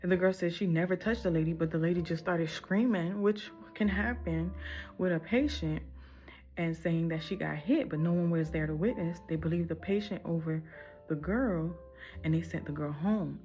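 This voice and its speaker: A woman's voice: fairly low pitch, dark tone, highs cut off. A woman telling a casual storytime in a candid, rambling, emphatic way, full of casual slang.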